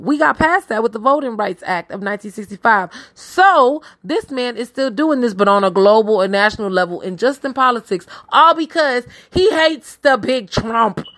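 A woman's voice: medium pitch, a bit bright. A sassy woman hosts a casual news commentary show. She talks straight to her listeners, drops slangy asides and keeps things loose and chatty. Her voice sits in a middle range for a woman. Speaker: podcast host.

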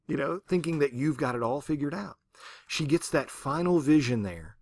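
A man's voice: medium pitch, moderate pace. A man lecturing on literature in a conversational way, often checking in with the class and acting out quotes. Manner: conversational, keeps asking the class "right?"; animated, acts out quotes. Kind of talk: recorded university lecture.

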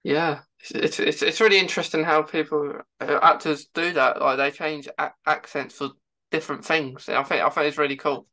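A man's voice: fairly high pitch, fairly even intonation, normal speed, sharp tone. A man hosting a casual interview, who stumbles and repeats words as he talks. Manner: stammering restarts, repeats words. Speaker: host.

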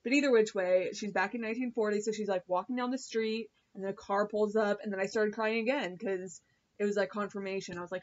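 A woman's voice: mid-range voice, steady tone, fast talker, muffled recording. A woman vlogger reviewing a TV episode in a chatty, gushing way, full of fillers and swearing. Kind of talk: casual chat.

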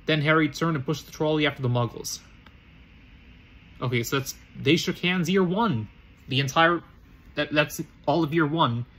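A man's voice: fairly high pitch, steady tone, normal speed, long pauses, a bit bright. A young man reading a story aloud, with frequent stumbles and self-corrections. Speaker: fan fiction reader.

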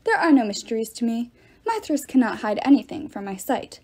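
A woman reading the part of a bold, clever teenage girl who talks back quickly and bluffs with confidence. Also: fairly high pitch, very animated, mellow, breathy edge. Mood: bluffing.

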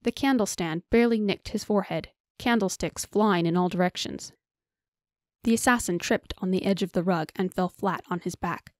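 A woman narrating a fantasy audiobook with steady storytelling on a close mic. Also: on the low side, normal speed, no room sound. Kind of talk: scripted narration.

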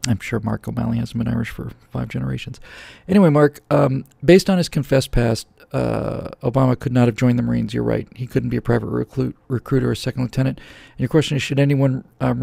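A middle-aged man with a heavily gravelly, husky voice rants close to a studio mic. He sounds sarcastic and opinionated, and the sound is dry and close, with no room echo. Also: medium pitch, fairly even intonation, fast talker, mellow. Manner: sarcastic, ranting, jumps into mocking voices. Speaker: host answering viewer questions. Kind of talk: opinionated political monologue. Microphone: studio microphone, close.

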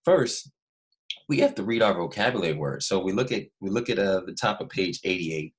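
A male first grade teacher giving a remote lesson, animated and coaxing the children to repeat words after him. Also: deep voice, brisk. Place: Los Angeles.

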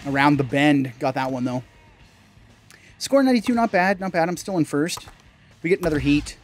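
A young man with a slightly high voice talks through his gameplay in a loose, chatty way. He jumps into high yelps and mild swearing when a move fails. Faint game music plays behind him. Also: a little fast. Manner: excitable, bursts into high yelps and laughs at mistakes. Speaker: gaming channel host. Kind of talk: casual gameplay commentary.

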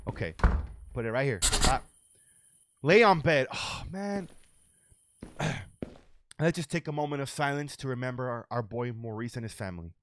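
A young man giving let's-play commentary on a game, excitable and profane, yelling and joking as he plays. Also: medium pitch, a little hiss or hum. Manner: excitable, profane, yells and jokes. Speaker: gaming video creator. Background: game music.

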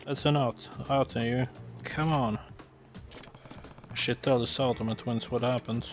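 Relaxed man muttering over a game. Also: mid-range voice, measured pace, soft background music. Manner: relaxed, muttering running commentary. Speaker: gamer. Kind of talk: game playthrough commentary.

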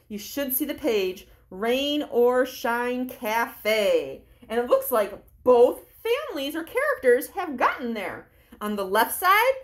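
A woman librarian leading children on a story walk along an outdoor park trail, playful and animated, acting out sounds as she walks. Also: fairly high pitch. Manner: animated, playful, talks to kids; acts out sounds and character lines. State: walking outdoors while talking. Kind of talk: guided story walk for kids.

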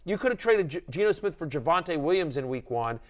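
A middle-aged man hosting a fantasy football show, talking fast and animated, acting out voices as he rants. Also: fairly high pitch. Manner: animated, ranting, acts out quoted voices. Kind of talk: excited sports analysis chat.

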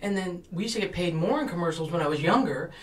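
Male guest, lively pitch, self-mocking storyteller, a little off-mic in a roomy space. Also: fast talker, far from the mic. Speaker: guest actor and comedian. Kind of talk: casual interview chat.

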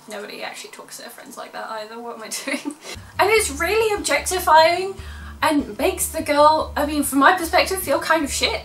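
A woman's voice: high voice, lively intonation, fairly quick, fairly bright tone. A young woman from Russia talking casually to camera, chatty and sarcastic, laughing often. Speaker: vlogger. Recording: echoey room from a distance, music behind.

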